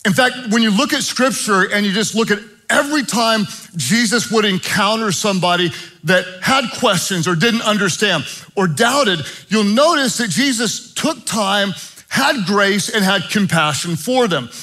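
Male pastor, sermon, earnest, bright voice, fairly high pitch. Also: moderate pace, poor audio. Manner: earnest, shifts between hushed prayer and animated storytelling.

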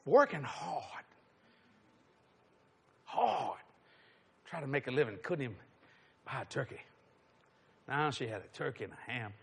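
A man preaching a storytelling sermon, animated and laughing, sometimes dropping to a hush. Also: mid-range voice, fairly quick, long pauses, breathy edge. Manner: animated, laughing storyteller with sudden hushed drops.

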